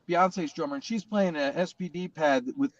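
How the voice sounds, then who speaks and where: A middle-aged man with a fairly high voice tells stories in a loose, animated way, slipping into other people's voices and swearing freely. He is on a video call, and the sound is slightly dull and lo-fi. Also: normal speed, dry recording. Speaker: guest drummer. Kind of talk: casual storytelling chat.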